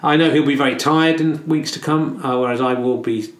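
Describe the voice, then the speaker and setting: A man's voice: medium pitch, fairly even intonation, a little fast, lightly acted. Man playing a cocky snooker player, echoey room. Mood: smug. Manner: boastful, rambling post-match interview answers. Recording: echoey room with faint noise.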